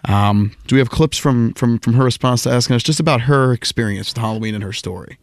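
A man's voice: medium pitch, quick pace, dry recording. Casual male radio host, dry sound. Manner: stumbling repeats, casual. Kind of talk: radio show hosting.

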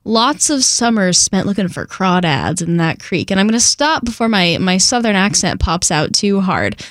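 A woman radio DJ chatting casually between songs, relaxed and conversational. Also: mid-range voice, normal speed, dry recording, clean studio sound. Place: radio studio. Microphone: studio microphone.

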